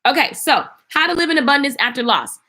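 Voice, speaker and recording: A woman's voice: high-pitched, lively intonation, fast, sharp tone. A woman hosting a casual livestream, chatty and laughing, talking straight to her viewers. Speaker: livestream host selling an online course. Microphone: phone.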